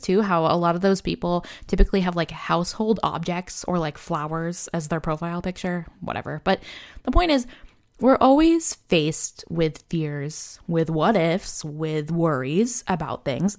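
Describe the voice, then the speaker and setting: A woman's voice: fairly low pitch, darkish tone. A young woman hosting a casual motivational podcast, talking candidly and loosely with lots of "like" and "you know". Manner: candid and self-deprecating. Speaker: podcast host.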